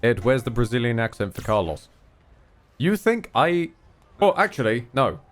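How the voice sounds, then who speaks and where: Rambling British streamer, lively pitch. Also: male voice, moderate pace, faint music behind. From Britain. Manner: rambling, self-deprecating, sweary. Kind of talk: casual gaming commentary.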